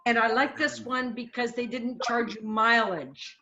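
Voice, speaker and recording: A woman's voice: fairly high pitch, fairly even intonation, a little slow, sharp tone. A woman chatting with family about trip plans on a video call. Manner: chatty, planning aloud. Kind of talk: casual family chat. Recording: muffled video call audio.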